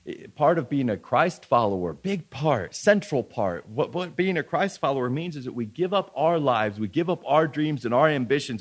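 A man's voice: medium pitch, animated, measured pace, few pauses. A man preaching a sermon in an earnest way, often restarting and repeating phrases as he reads scripture aloud.

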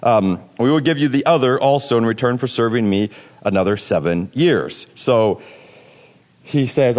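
A man's voice: mid-range voice, moderate pace, darkish tone. A man preaching a sermon in a casual, joking way, sometimes putting on playful voices. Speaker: pastor. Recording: long hall reverb.

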